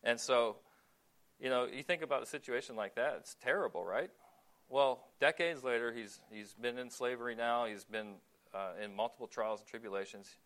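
This preacher's voice sits at medium pitch as he talks through his sermon in an easy, conversational manner. He questions the audience and hesitates on filler words.

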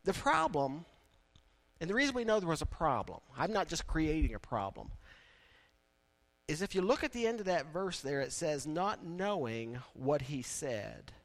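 A man preaching a sermon in a conversational way, building now and then to loud, emphatic peaks. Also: a little high, big pitch swings, normal speed, pauses often. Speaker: pastor.

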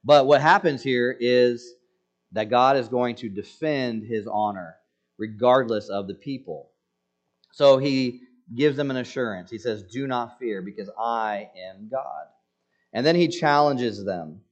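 A man's voice: mid-range voice, unhurried. A man preaching a sermon in a conversational, joking way, acting out quoted lines with emphasis. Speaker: pastor.

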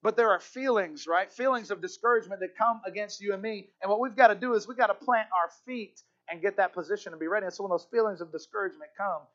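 High-voiced fervent male preacher. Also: fairly bright tone, muffled recording. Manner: fervent preaching, repeats key words, slows for emphasis. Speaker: pastor. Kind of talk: sermon.

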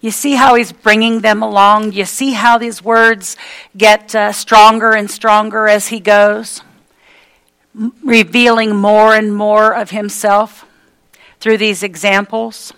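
A woman's voice: mid-range voice, flat delivery, slow, fairly bright tone, poor audio. A woman preaching a sermon, emphatic and repetitive, with folksy everyday asides.

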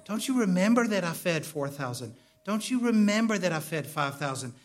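A man's voice: high voice, moderate pace. A man preaching a sermon in a conversational way, often stumbling and repeating words while he calls out to his congregation. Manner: animated, calls for responses from the congregation. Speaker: pastor.

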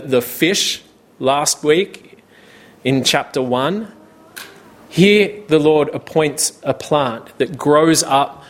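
A man preaching a sermon in a slow, measured way, with casual asides. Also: a little high. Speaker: pastor.

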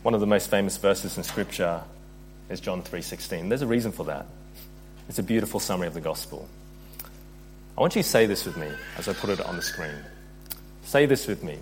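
A man preaching a sermon in an earnest, steady voice. He reads scripture aloud and builds in intensity as he speaks. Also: on the low side, normal speed, pauses often, slight background noise. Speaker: pastor.

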